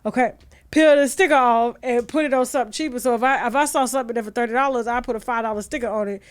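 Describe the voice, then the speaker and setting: A woman's voice: on the high side, fast, clear, resonant tone, dry recording. A woman hosting a gossip commentary show, ranting in a brash, profane, rhetorical way. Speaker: host.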